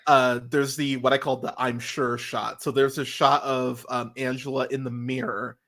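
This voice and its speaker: A man talking on a podcast with a bright, forceful tone. He speaks casually and with animation, swears freely, and his voice leaps upward when something riles him. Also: mid-range voice, level tone, moderate pace. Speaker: podcast co-host reviewing a TV series.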